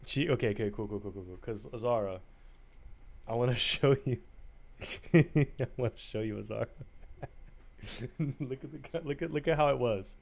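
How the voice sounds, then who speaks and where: Chatting casually to his live stream audience, a man with a creaky, darkish, mid-range voice talks at normal speed and pauses often. He's playful and teasing, now and then slipping into sing-song bits.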